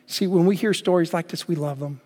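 A man preaching a sermon emphatically, swinging between loud exclamations and hushed words. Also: fairly high pitch, fairly quick. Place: church sanctuary. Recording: long reverb of a church hall.

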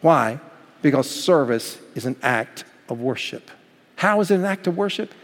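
A pastor delivers a sermon in a fairly high man's voice, moving from bold emphatic phrases to soft, slowed-down passages. He acts out the figures in the story as he goes. A long reverb trails every line, as in a large hall. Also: lively intonation. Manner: preaching with dramatic swings between loud and hushed.

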